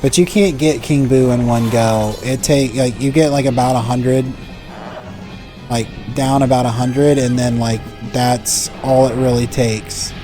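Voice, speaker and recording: A man's voice: medium pitch, fairly even intonation, unhurried, over music. A man in his thirties giving rambling, casual commentary while playing a game. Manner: rambling, full of "like" fillers. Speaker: let's play host.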